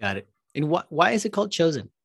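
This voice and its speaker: A man's voice: on the high side, big pitch swings, quick pace, creaky, a bit bright, husky, no echo. Curious man, dry close sound. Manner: curious, probing questions, lightly wry. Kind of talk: casual chat.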